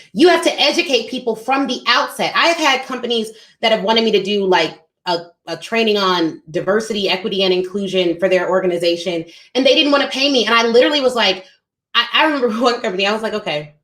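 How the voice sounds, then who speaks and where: Woman host in her thirties, emphatic motivational speaker, lively high voice, roomy echo. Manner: emphatic, preachy, addresses listeners as y'all. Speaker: podcast host. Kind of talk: motivational business talk.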